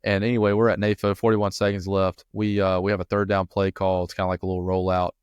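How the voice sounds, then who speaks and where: A man's voice: deep voice, little pitch movement, fast talker, clean tone, no echo. Rambling man telling football stories. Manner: rambling storyteller with many restarts and fillers. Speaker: football coach and podcast co-host. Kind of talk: casual podcast chat.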